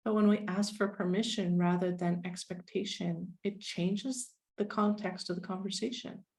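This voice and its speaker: Woman, 40s, interview guest: lower register, gravelly texture, frank and self-deprecating. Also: steady tone, normal speed, a little mellow. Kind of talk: candid conversational storytelling.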